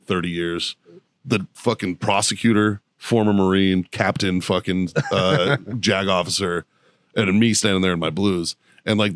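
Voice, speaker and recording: A man telling a profane, animated story on a podcast and acting out the people in it. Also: on the low side, no room sound, studio quality. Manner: acts out quoted people in his story. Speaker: podcast co-host. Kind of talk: casual storytelling chat.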